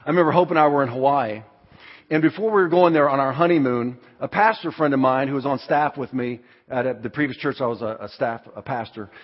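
A man preaches a sermon with emphatic delivery and the occasional shouted line. His voice is fairly high and a little husky. The dull recording carries the long reverb of a large church hall. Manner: emphatic, with sudden loud shouted lines. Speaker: pastor.

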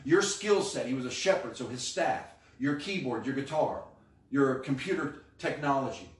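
A male pastor preaching a sermon with animated, emphatic delivery, acting out quoted lines. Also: medium pitch, normal speed. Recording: echoey room, mic at a distance.

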